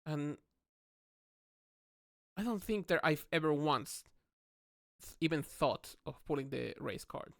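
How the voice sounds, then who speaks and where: A man from Mexico co-hosting a casual podcast, relaxed and chiming in with short agreements. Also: fairly high pitch, slow, creaky, long pauses, no room sound, studio quality. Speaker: podcast co-host. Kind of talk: casual chat.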